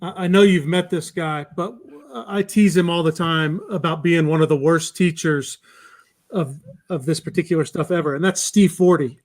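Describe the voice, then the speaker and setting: A man with a high voice hosts a casual podcast chat. He is chatty and teasing and laughs easily. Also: steady tone, normal speed. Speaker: podcast host.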